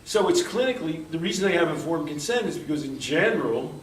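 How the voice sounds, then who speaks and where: An American man gives a conversational workshop lecture, rambling through anecdotes and acting out quoted dialogue. His voice is a little high, animated and fast, with slight background noise, and the distant mic picks up a roomy hall sound.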